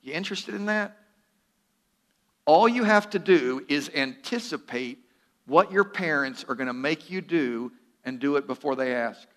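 A man's voice: a little high, lively intonation, unhurried, a bit bright. A man preaching a sermon in an earnest, direct way, with a teasing humor and repeated words for emphasis. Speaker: pastor.

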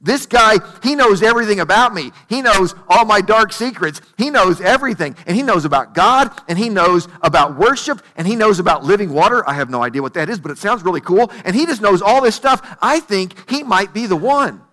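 A gushing, breathless village woman, pitched a little higher and pushed with eager energy, as a preacher puts her on. She sounds bright and keen, spilling news in a rush. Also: animated, normal speed. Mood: excited. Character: excited gossipy village woman.

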